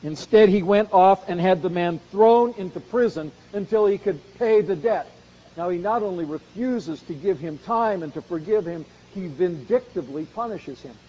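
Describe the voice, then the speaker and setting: A man preaching a sermon on a Bible passage, earnest, rising to loud emphasis and then dropping low. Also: normal speed, highs cut off. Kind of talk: expository sermon.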